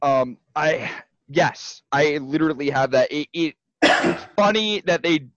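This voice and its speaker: A man co-hosting a casual podcast chat, excitable and profane, rambling with lots of restarts. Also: fairly high pitch, measured pace, dry recording, dull audio. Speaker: podcast co-host.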